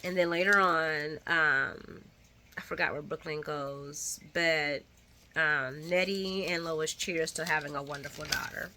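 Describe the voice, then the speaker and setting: A woman talks through a soap opera recap in a loose, chatty monologue, full of slang and the odd swear word. Her voice sits fairly low but sounds bright and forceful, and she jumps far higher whenever she acts out a character's lines. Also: fairly even intonation, measured pace, a little hiss or hum.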